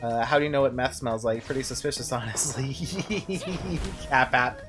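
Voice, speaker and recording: A man's voice: mid-range voice, moderate pace, music in the background. A young man streaming a game, rambling through casual commentary with frequent swearing and laughs. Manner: rambling, profane, laughs often.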